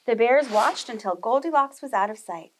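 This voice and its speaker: Lively woman reading a storybook to kids. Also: on the high side, normal speed, slight background noise, rough recording. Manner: animated, talks directly to children. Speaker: preschool teacher reading aloud. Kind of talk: storybook read-aloud for young children.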